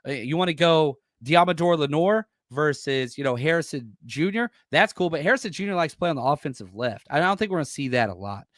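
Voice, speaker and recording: A man's voice: fairly high pitch, animated, a little fast, hardly any pauses, no room sound. Fired-up man with a dry close voice. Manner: blunt, salty, gets loud and fired up. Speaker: podcast host and former coach. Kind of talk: casual solo football preview reading live chat.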